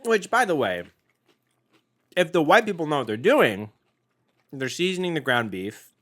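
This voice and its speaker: Male podcast co-host for a snack-tasting show: lively, bright, jokey delivery that jumps into loud excited bursts. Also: a little high, normal speed. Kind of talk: casual food-tasting chat.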